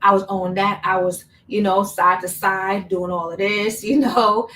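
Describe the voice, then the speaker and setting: A woman's voice: mid-range voice, unhurried. Chatty New woman telling a story. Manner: chatty, animated, repeats words for emphasis. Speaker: vlogger. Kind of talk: casual storytelling vlog. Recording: slightly distant mic, faint room noise.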